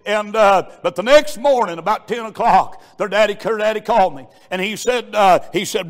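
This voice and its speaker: A man delivers a revival sermon in a strikingly high voice. He preaches fervently, slowing on key phrases and rising to loud shouts.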